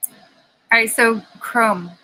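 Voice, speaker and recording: A woman chatting on a live stream from a home garage, her voice bright and forceful and pitched a little high. She rambles, restarts her sentences and breaks into giggles as she goes. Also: steady tone, takes it slowly, low-quality recording. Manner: giggly, rambling, laughs often. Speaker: co-host. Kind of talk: casual live-stream chat.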